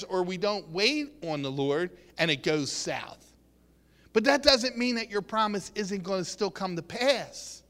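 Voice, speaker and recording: A man preaches in an earnest, halting way, repeating words and acting out the quotes. His voice sits high and bright. A long hall echo trails behind every phrase. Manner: earnest, acts out quotes, many restarts. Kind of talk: sermon.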